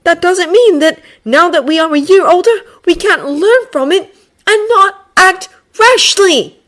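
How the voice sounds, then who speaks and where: A woman's voice: very high-pitched, animated, unhurried, fairly bright tone, voice pushed up, heavily acted. A woman doing a sardonic, exasperated schoolboy wizard. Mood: grim. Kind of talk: fan audiobook character voice.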